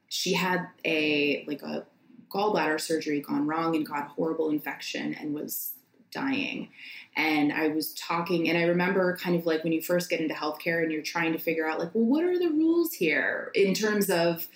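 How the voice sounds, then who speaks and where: A woman in her thirties, a nurse practitioner and podcast guest, speaking heartfelt and halting with many restarts. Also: low voice, reverberant, low-quality recording. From United States. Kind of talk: casual conversation.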